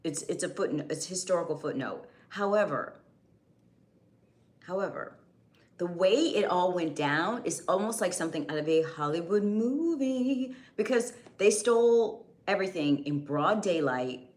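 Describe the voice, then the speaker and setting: Young woman live streamer, lowish pitch, a little strained, chatty and loose. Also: animated, unhurried, darkish tone. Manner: chatty, greets viewers by name, restarts sentences. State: voice going, slightly strained. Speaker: livestream host. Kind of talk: casual live stream chat.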